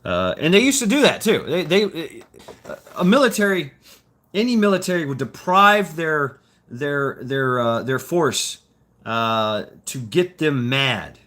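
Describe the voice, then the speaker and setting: A man's voice: on the high side, big pitch swings, measured pace, a bit bright. A man of fifty rambling through a casual livestream chat, cursing freely and stumbling over repeated words. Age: 50s. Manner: rambling, profane, repeats words and restarts often. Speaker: livestream host reading chat.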